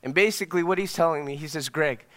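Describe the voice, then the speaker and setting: A young man, a pastor, telling a personal story in a sermon, swinging from hushed to excited. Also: fairly high pitch, fast talker, in a large hall. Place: church hall.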